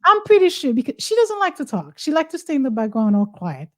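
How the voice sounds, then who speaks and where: A woman's voice: sits high, big pitch swings, fast. A woman host, chatting in an exuberant, teasing, exclamatory way. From Haiti. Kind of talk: casual talk-show chat.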